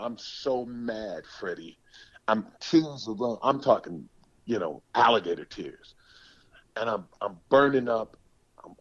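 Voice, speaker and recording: Man in his sixties, low voice, animated emphatic storyteller, dry muffled sound. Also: dry recording. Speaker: podcast guest, former pro football player. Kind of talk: storytelling interview.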